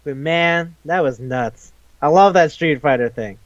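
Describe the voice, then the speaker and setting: A man co-hosting a podcast in casual chat, rambling and swearing as he tells animated stories. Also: a little high, measured pace, no room sound. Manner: rambling, profane, animated storytelling. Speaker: podcast co-host. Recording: dull lo-fi recording.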